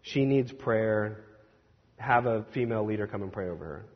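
A Presbyterian minister telling a story in a sermon, animated and acting out what others said, with hesitant restarts. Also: male voice, lowish voice, moderate pace. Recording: distant reverberant hall, dull lo-fi sound.

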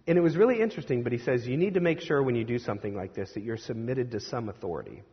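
Guy preaching a story-sermon, husky voice, long echo, kinda dull lo-fi sound. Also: mid-range voice. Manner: animated storyteller, acts out quoted speech, hesitant restarts. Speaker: Presbyterian minister. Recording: distant reverberant hall, dull lo-fi sound.

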